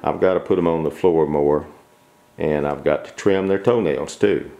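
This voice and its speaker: Slow, gravelly low-voiced man coaxing puppies. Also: mellow. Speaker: dog breeder filming puppies. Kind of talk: casual home video narration. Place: home kitchen.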